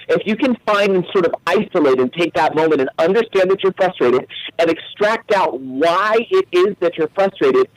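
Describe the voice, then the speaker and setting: A man in his thirties, a guest on a radio talk show, telling lively everyday stories as examples. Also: fairly high pitch, no room sound, low-quality recording. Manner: energetic storyteller, acts out little scenes. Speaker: guest author.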